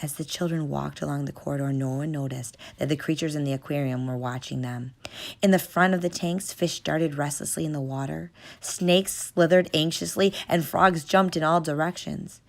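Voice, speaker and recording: A woman narrating a children's storybook in a measured, steady reading. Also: sits low, gravelly. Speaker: audiobook narrator.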